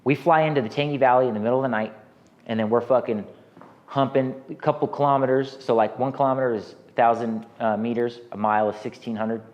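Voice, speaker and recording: A man's voice: mid-range voice, steady tone, quick pace, a little mellow, dull audio. An American man in his thirties telling a rambling, profane war story as an interview guest, with many restarts. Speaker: guest, army veteran.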